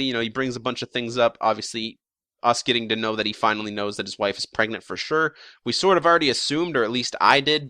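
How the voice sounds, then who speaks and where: A man's voice: on the low side, pushed and bright, no echo, clean studio sound. A young man talking casually about episode predictions, rambling with lots of fillers, restarts and the odd swear word. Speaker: YouTube show commentator.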